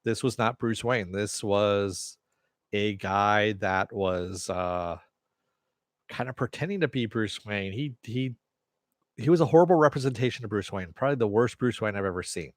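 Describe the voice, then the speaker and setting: A man's voice: lowish voice, normal speed, dry recording, studio quality. A man hosting a casual live TV review, rambling off the cuff, swearing now and then and answering chat comments. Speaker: TV review host.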